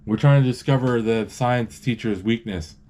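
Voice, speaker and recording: A man's voice: mid-range voice, normal speed, dark tone. Casual man narrating a movie live. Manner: rambling, stops and restarts, reads out lines. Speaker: movie describer.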